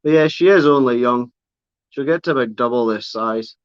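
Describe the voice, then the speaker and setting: A man chats casually on a livestream, rambling fondly about his spider and cooing at her between thoughts. His voice sits mid-pitch, recorded dry and slightly dull, like a camera mic on a tripod. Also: normal speed, no echo. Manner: chatty, fond baby talk to his spider. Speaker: livestream host showing pet reptiles and spiders. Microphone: camera on a tripod, close by.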